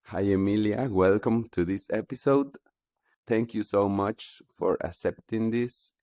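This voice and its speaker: A man's voice: on the low side, a little slow, warm tone, faint music behind. A man hosting a podcast, reading a scripted intro and welcoming his guest politely. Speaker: podcast host.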